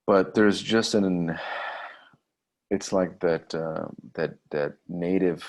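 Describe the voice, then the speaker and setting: Very low gravelly guy hosting a livestream, keeps asking the same question again. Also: steady tone, takes it slowly. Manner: probing, repeats his questions. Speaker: livestream host. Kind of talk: casual conversation.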